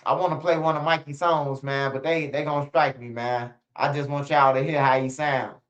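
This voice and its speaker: A man's voice: mid-range voice, steady tone, normal speed, a bit bright. A man hosting a casual livestream, talking loosely and swearing often. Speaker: streamer. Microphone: streaming setup. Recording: slightly dull lo-fi stream audio.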